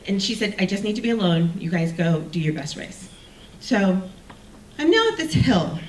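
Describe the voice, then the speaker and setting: A woman telling a personal story on stage, animated and self-mocking, acting out the people she quotes. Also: mid-range voice, normal speed. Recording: roomy sound from a distant mic with faint ambience.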